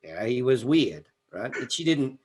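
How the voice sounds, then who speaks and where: A man's voice: medium pitch, big pitch swings, moderate pace, a crowd in the background. A man co-hosting a casual podcast chat, thinking aloud and pressing his point with lots of "you know.". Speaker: podcast co-host. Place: Colorado.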